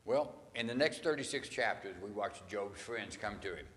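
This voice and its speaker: A man delivers a sermon in an animated, storytelling way. He slips into acted voices for quoted lines and keeps a casual, conversational tone. His voice rings out with long reverb, as in a church hall. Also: on the low side, normal speed. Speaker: pastor.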